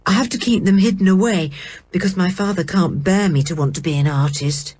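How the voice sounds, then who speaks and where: A woman's voice: on the low side, brisk, a little mellow, husky. A woman voicing a lonely, sullen boy who loves painting, in a storybook reading. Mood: wistful. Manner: bitter then eager.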